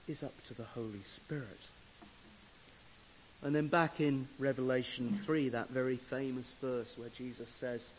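A male pastor delivers a sermon at an unhurried, careful pace, setting words apart with pauses. His voice sits at an ordinary middle pitch and grows emphatic on the scripture passages. A faint hiss runs underneath. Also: rough recording. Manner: emphatic, swelling louder on scripture readings; measured, deliberate delivery with pauses.

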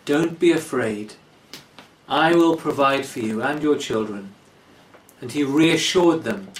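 Male preacher, slow and deliberate, lively pitch, heard from a distance in an echoey church. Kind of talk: sermon.

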